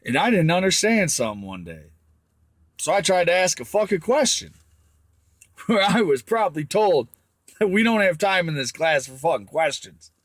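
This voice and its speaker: Profane ranting man, lively voice. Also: high voice, moderate pace, no echo. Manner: crude, ranting, heavy swearing. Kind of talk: profane rant to camera.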